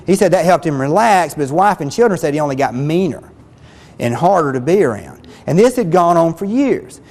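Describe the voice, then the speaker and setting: A man talks through a self-help lesson on relationships. His voice sits a bit high, and he is earnest and plain-spoken, circling back over his own phrases. The sound rings with the long reverb of a large hall. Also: very animated, brisk, darkish tone. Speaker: relationship counselor.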